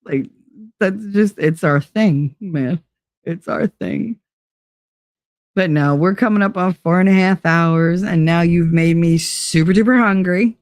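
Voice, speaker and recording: A woman's voice: on the low side, unhurried, no room sound, studio quality. A middle-aged woman hosting a casual livestream, telling stories with lots of energy, swearing freely and laughing often as she answers chat. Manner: animated storytelling, frequent swearing and laughter. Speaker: livestream host reading chat.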